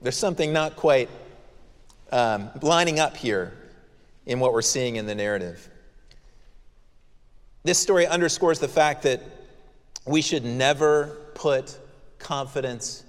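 A pastor giving an expository sermon in a church, explaining the text with conversational asides. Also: male voice, mid-range voice, unhurried, long pauses. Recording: long reverb of a church hall.

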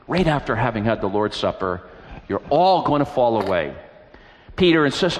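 A man's voice: medium pitch, very animated, normal speed. A man preaching a sermon, retelling scripture with earnest, emphatic storytelling. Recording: reverberant hall.

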